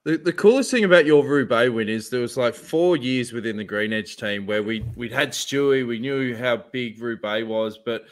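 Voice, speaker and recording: A man hosting a podcast, telling animated stories with lots of swearing and laughter. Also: medium pitch, normal speed, few pauses. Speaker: podcast host. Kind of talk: casual chat, storytelling.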